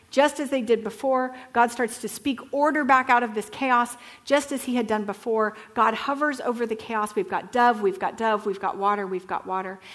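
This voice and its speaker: Woman Bible teacher, storytelling, higher voice, animated, gets listeners to repeat words.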